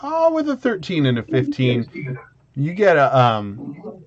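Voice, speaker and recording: A man's voice: mid-range voice, wildly swooping pitch, slow, crowd noise. Male game master, loose rambling delivery, slightly muffled recording. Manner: rambling with many fillers and restarts. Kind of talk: narrating a tabletop game.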